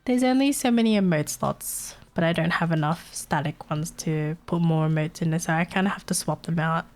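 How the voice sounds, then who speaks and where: A woman's voice: low voice, normal speed, darkish tone. A young woman streaming live, chatting casually with her viewers, chatty and giggly and swearing freely.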